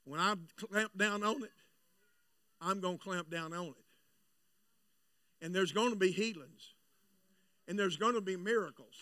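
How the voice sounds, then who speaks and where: A man preaching at a church revival, swinging from chatty storytelling to loud shouting. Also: sits high, a little slow, pauses often, dry recording, studio quality, far from the mic. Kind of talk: revival sermon. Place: church sanctuary.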